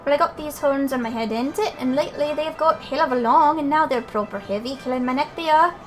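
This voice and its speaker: A woman voicing a grumbling male fairy villager in a put-on Scottish accent, gruff and slangy. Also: high-pitched, fast, soft background music, natural voice. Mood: complaining.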